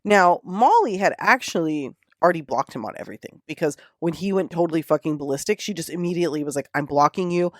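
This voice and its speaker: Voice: medium pitch, fast talker, hardly any pauses, dry recording, clean studio sound. A podcast host telling a true crime story in a casual, indignant, profane way. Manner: indignant, profane, animated retelling.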